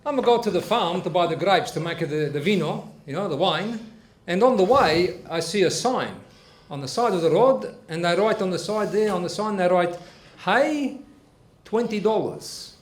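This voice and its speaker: A man's voice: high-pitched, lively intonation, normal speed, voice pushed up. A man putting on a jolly guest. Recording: roomy echo, faint noise.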